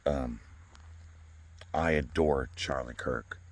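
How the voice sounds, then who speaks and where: A man speaking in a personal vlog outdoors, talking earnestly and haltingly, often repeating words as he restarts. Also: very deep voice. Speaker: vlogger. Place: outdoors by a flagpole.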